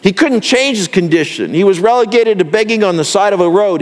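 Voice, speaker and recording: A man's voice: high voice, fairly quick, few pauses, long reverb tail. A male pastor delivering an earnest sermon that builds in intensity.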